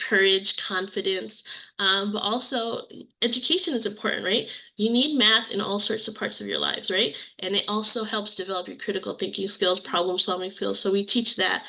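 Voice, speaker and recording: Bright-voiced earnest woman presenter. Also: mid-range voice, vocal fry, rough recording. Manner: earnest, personal, repeats key phrases. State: briefly emotional. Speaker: program presenter. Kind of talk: webinar presentation.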